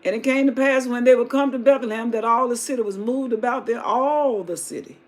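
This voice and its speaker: A woman's voice: fairly high pitch, brisk. Folksy woman retelling scripture. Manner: folksy, mixes scripture with slang asides. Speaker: livestream host reading scripture. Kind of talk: Bible reading with casual retelling.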